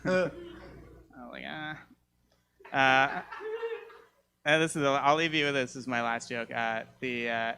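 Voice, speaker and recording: A man doing a stand-up comedy set, telling self-mocking stories in a rambling way with sudden jumps up in pitch. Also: sharp tone. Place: comedy show, live audience.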